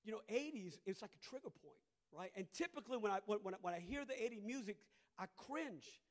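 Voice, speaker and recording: A middle-aged man with a Cajun Louisiana accent preaching a sermon, moving between soft conversational asides and loud, drawn-out preaching. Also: extremely high pitch. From southern Louisiana. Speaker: pastor.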